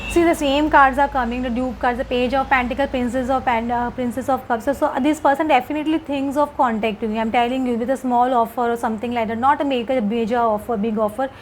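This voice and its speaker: A woman's voice: fairly high pitch, steady tone, fast talker, hardly any pauses, slight background noise, low-quality recording. A woman giving a casual tarot card reading, hesitant and repetitive, with many fillers. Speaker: tarot reader.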